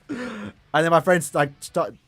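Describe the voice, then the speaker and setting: Lively young male game streamer. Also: on the high side, no room sound. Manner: chatty, restarts words, laughs easily. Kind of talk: casual live-stream chat.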